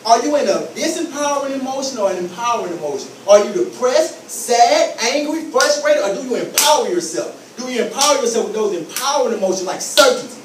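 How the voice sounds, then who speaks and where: A man's voice: very high voice, lively intonation, fairly quick, hardly any pauses, reverberant, far from the mic, noisy background. A man giving an emphatic motivational talk to students, repeating key phrases and acting out scenes. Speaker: motivational speaker.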